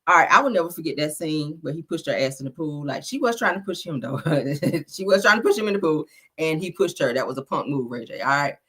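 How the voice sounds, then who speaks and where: A woman's voice: sits low, animated, quick pace, fairly bright tone, slightly rough. A woman giving casual, blunt celebrity gossip commentary, sassy and profane, laughing often.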